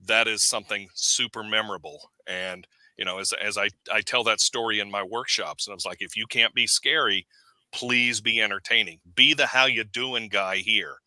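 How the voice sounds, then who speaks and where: A man who is a podcast guest, chatting casually and telling lively anecdotes. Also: fairly low pitch, moderate pace, dry recording. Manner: storytelling, animated anecdotes. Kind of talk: casual chat.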